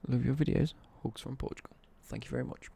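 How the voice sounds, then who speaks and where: A man's voice: mid-range voice, fairly even intonation, quick pace, creaky, dark tone, husky. Cheeky man streaming games. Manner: cheeky, jokey banter, reads out chat messages. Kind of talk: live game stream chat.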